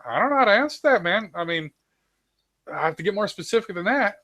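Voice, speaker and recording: A man's voice: high voice, animated, fast, sharp tone. Laid-back man. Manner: laid-back, says "man" and "dude" a lot. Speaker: panelist. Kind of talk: casual chat.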